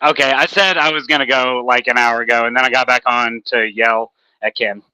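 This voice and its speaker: A man's voice: mid-range voice, fairly even intonation, fairly quick, sharp tone, clean tone, rough recording. A man from Texas chatting on a live stream, upbeat and laughing, stammering when he starts sentences. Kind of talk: casual chat on a live stream.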